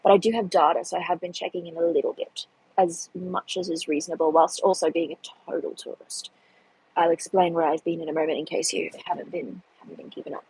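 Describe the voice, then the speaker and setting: A woman's voice: fairly low pitch, level tone, brisk, a little mellow, husky, rough recording. A young woman, hosting a casual live stream and chatting through the chat with a self-deprecating manner. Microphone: phone.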